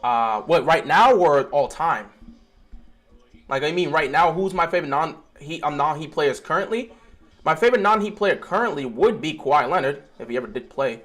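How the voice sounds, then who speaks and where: Young male streamer, high and very animated voice, excitable live game reaction. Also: normal speed. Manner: excitable, swings from mumbling to shouting.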